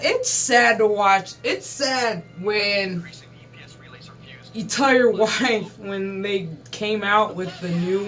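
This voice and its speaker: A man's voice: high-pitched, bright, forceful tone, a little hiss or hum. A man in his thirties, hosting his gaming channel, rants in a casual, profane monologue and talks with exasperated emphasis. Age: 30s.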